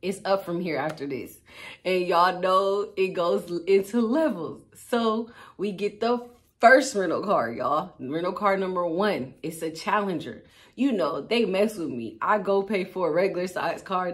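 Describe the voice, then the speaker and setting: A young woman, telling a storytime to her viewers in a casual, slangy, animated way, laughing and acting out what people said. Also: medium pitch, unhurried. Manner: animated, slangy, acts out quotes, laughs often. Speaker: storytime vlogger.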